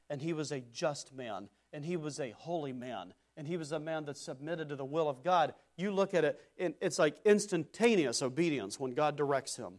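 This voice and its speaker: A man preaching a sermon in an emphatic, repetitive cadence, swinging between loud declarations and quieter passages. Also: on the high side.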